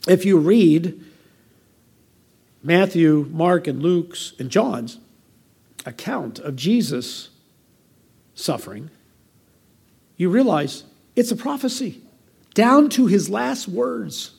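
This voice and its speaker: An older American man delivering a sermon as pastor, conversational and anecdotal, with a gravelly voice. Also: high-pitched, animated, takes it slowly, long pauses, a little mellow. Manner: conversational preaching with personal anecdotes.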